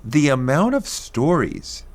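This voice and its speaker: A man commenting in an interview, telling the story in a measured way that turns animated. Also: a little high. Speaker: commentator in a played interview clip.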